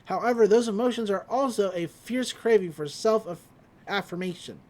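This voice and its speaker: A podcast host giving a casual episode recap, laughing often and swearing freely. The delivery is loose and chatty, in a medium-pitched voice. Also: moderate pace, a little mellow.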